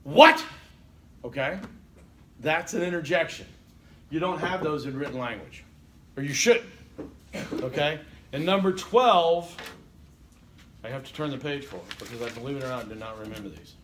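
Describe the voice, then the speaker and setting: A man teaching a college class, animated and joking, often checking in with the room. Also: mid-range voice, moderate pace, pauses often, a little hiss or hum. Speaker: college instructor. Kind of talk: classroom lecture.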